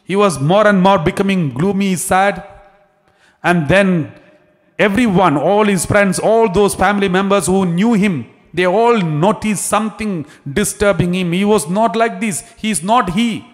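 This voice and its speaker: A man's voice: sits high, unhurried. A man, a priest, telling a story in a sermon, repeating phrases and restarting as he goes. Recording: long hall reverb.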